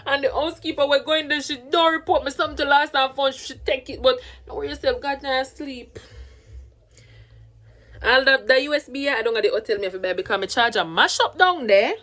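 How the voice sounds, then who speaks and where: A Jamaican woman vlogging in a lively, chatty way, talking to the camera and to her baby. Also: high-pitched, a little fast. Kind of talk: casual vlog chat.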